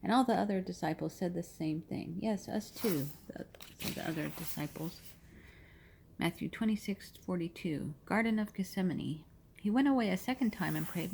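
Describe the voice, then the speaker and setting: Woman scripture reader, lower voice, reads references aloud, restarts lines. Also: moderate pace, creaky, a little mellow, slight background noise. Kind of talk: scripture reading.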